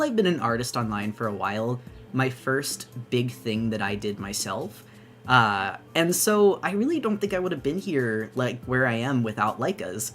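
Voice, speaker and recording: A young woman chatting excitedly on her debut live stream, bubbly and gushing, rambling with lots of restarts. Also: rumbling low. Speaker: VTuber streamer.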